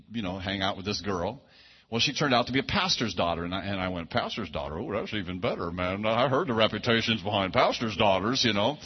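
A man preaches in a loose, folksy storytelling style, doubling back and tossing in asides. His voice sits low with a husky grain. The recording is a little dull and lo-fi. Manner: folksy, conversational, frequent restarts and asides. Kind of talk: storytelling sermon. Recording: dull lo-fi sound.

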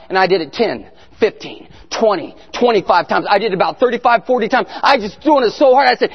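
A man giving an animated testimony sermon as a guest speaker, telling his story and sometimes shouting prayers. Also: high-pitched, fairly quick, breathy edge. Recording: echoey hall, muffled sound.

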